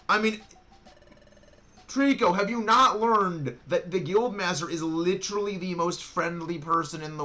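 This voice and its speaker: A male streamer giving excitable, rambling commentary while he plays a game, restarting his sentences often. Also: sits high. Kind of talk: casual gameplay commentary.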